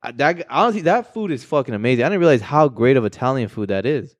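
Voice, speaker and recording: A man's voice: mid-range voice, lively intonation, fast, dry recording. A man co-hosting a casual chat, laid-back and profane, with slang. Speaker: podcast co-host.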